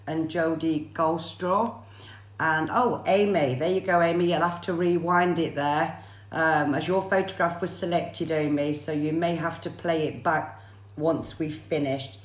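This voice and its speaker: Low-voiced woman medium, roomy sound. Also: fairly even intonation, unhurried. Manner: chatty, repeats viewers' names often. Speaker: psychic medium. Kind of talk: live-streamed reading for viewers.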